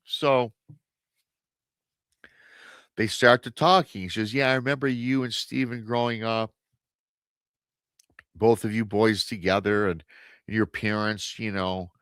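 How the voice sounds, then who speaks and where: A man's voice: lowish voice, steady tone, takes it slowly, pauses often, a bit bright, clear, resonant tone, dry recording, studio quality. A man telling a spooky story in a casual, rambling way on a radio show, repeating words and acting out the dialogue.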